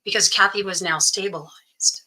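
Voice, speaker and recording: A woman's voice: mid-range voice, steady tone, normal speed, bright, forceful tone, low-quality recording. A middle-aged woman earnestly recounting a personal story as an interview guest, with many "you know" fillers. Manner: earnest, frequent "you know" fillers, quotes others in dialogue. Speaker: guest sharing her story.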